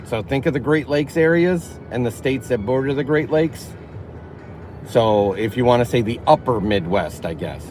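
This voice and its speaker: A man's voice: mid-range voice, animated, normal speed, a little mellow, faint music behind, rough recording. A man hosting a casual livestream from his car, chatting and answering viewers' chat as he drives. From northern Illinois. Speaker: livestream host. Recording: car road noise behind.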